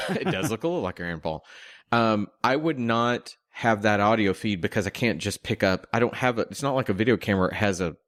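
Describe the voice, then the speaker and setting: A man's voice: fairly low pitch, animated, fairly quick, fairly bright tone, no echo, studio quality. A man co-hosting a podcast in casual chat, picking apart film details as he thinks aloud. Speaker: podcast co-host.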